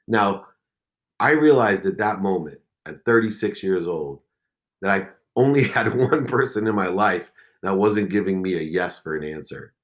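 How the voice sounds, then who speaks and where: A man in his forties with a fairly low voice tells a personal story as a podcast guest. His delivery is intense, and it swings between hushed moments and loud ones. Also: lively intonation, moderate pace. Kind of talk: emotional storytelling.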